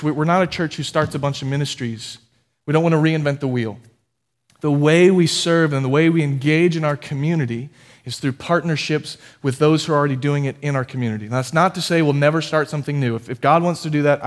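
A man preaching a sermon as pastor, talking conversationally with restarts and building to fired-up emphasis. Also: on the high side.

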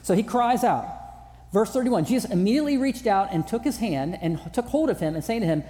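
A man's voice: sits high, animated, fairly quick, mellow. A man preaching a sermon as pastor in a large church auditorium, conversational with self-deprecating humor. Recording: long hall reverb.

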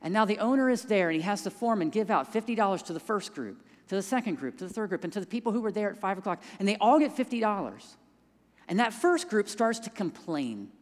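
A man telling a story in a sermon, dropping to hushed tones in quiet moments and rising when he stresses a point. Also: high voice, very animated, quick pace. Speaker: pastor. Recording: long hall reverb.

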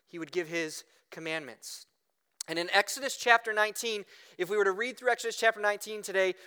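A male pastor with a high, bright voice delivers a sermon in a church. His tone is clear and smooth, and his delivery is conversational, animated storytelling that keeps asking his listeners "right?".

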